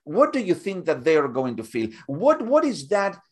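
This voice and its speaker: A man talking as a guest in an interview, halting and repeating words as he builds up examples. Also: fairly high pitch, wildly swooping pitch. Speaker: guest speaker. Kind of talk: conversational interview.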